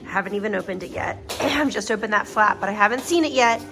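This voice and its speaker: A woman's voice: mid-range voice, fast talker, gravelly, music in the background. Chatty mom vlogger, a woman. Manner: chatty and gushing, talks to camera and kids. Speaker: family vlogger. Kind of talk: casual vlog chat. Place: at home.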